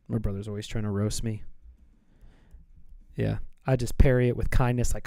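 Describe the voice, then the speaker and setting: A man's voice: on the low side, fairly even intonation, brisk, vocal fry, long pauses, warm tone, no room sound. A man chatting casually on a live stream while he draws, rambling and playful as he thinks aloud.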